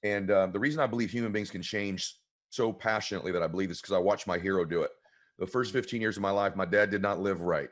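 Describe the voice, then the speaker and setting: A man with a very deep, low voice speaks as an interview guest. He sounds choked up and talks in an earnest, heartfelt way. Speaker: guest author. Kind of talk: emotional storytelling in an interview.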